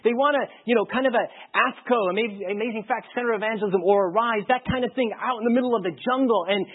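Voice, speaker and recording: A male pastor preaching in a storytelling style, lively and acting out the dialogue as he goes. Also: extremely high pitch, fast talker, slightly rough. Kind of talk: storytelling sermon. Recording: narrow phone-like sound.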